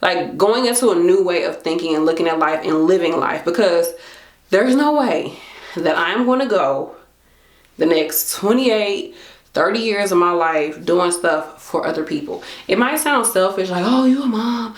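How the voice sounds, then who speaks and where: A woman's voice: on the low side, expressive, a little slow, roomy sound. A woman in her late twenties talking casually to camera, chatty and slangy, acting out her own thoughts. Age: late 20s. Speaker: vlogger.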